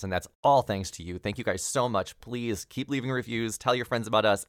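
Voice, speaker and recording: A man's voice: lowish voice, a bit bright, no echo, clean studio sound. A man hosting a tabletop role-play podcast, chatty and laughing at himself as he reads thanks and announcements. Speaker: game master and podcast host. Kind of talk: podcast announcements and game narration.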